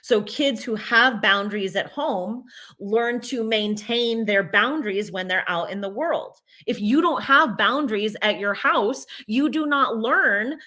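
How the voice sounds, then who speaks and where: A woman's voice: a little high, pushed and bright. A woman giving a casual talk to an audience, rambling with restarts, then turning firm and emphatic. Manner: rambling, many restarts and fillers. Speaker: speaker addressing an audience.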